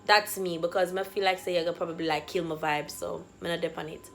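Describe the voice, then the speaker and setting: A woman's voice: lowish voice, level tone, fast, a bit bright, slight background noise. A woman, vlogging a personal story with dramatic swings and acted-out dialogue. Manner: acts out quoted dialogue. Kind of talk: storytime vlog.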